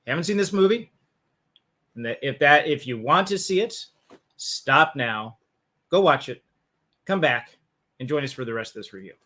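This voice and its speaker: Animated, bright-voiced man hosting a film chat. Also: mid-range voice, normal speed, pauses often. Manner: animated, joking, restarts often. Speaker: podcast host reviewing a film. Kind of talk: casual movie review chat.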